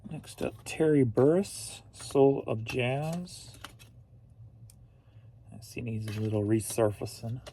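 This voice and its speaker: A man's voice: mid-range voice, slow pace, long pauses, mellow, a little hiss or hum. A man from St. Louis, an online reseller casually narrating as he packs orders, muttering to himself while he works. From St. Louis, Missouri.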